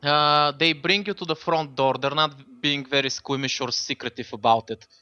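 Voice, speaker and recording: A man's voice: fairly high pitch, steady tone, normal speed, bright, forceful tone, smooth, no room sound, lo-fi sound. A man running a tabletop game as game master, casual and swearing, with lots of fillers.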